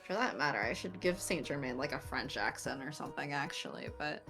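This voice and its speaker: A woman's voice: low voice, lively intonation, fairly quick, vocal fry, fairly bright tone, faint music behind. A woman co-hosting a game let's play, joking and laughing often in casual chat. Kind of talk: casual chat while playing a visual novel.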